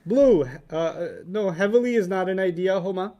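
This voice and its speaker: A fairly high-pitched man leads a classroom lesson. He teases his students playfully and breaks into laughter as he explains. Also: highs cut off. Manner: playful, teasing, quick to laugh. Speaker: teacher.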